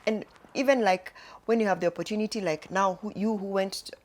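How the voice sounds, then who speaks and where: A woman's voice: mid-range voice, darkish tone, a little hiss or hum. Middle-aged mother speaking reflectively. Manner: measured, reflective, halting. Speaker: guest, mother. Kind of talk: casual conversation.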